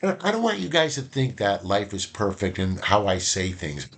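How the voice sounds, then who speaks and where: Man giving a lively casual lesson. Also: on the low side, moderate pace. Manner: lively, acts out little dialogues. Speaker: instructor.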